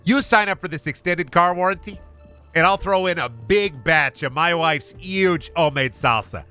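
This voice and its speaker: A man's voice: on the high side, animated, moderate pace, sharp tone, clean tone, faint music behind, pitched above the performer's own voice. A man voicing a relentlessly pleasant Minnesotan man possessed by a demon, in a Minnesotan accent and a raised voice. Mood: folksy. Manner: relentlessly pleasant, says bud constantly.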